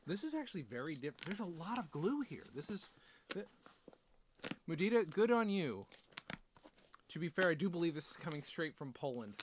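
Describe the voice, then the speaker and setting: A man's voice: on the high side, noisy background. A man hosting a casual unboxing vlog, rambling with self-deprecating jokes and chatty asides. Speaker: author and video host.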